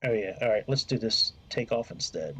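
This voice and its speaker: A man's voice: on the low side, moderate pace, sharp tone, breathy edge. A man streaming a flight sim, rambling and swearing freely as he talks to his chat. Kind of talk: casual gameplay commentary.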